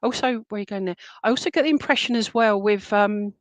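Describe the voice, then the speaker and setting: A woman's voice: medium pitch, fast, dry recording. A woman giving psychic readings on a live stream, chatty and reassuring, full of fillers and pet names like "my lovely". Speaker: psychic medium. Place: room with a table of crystal animals.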